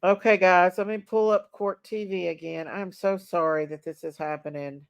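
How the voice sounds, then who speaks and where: A woman chats on a casual livestream from home, unhurried and a little flustered, always apologizing to her viewers. Her voice has a gravelly fry over a smooth, clear tone. The sound is close and dry. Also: lowish voice, steady tone, no echo. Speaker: true crime streamer.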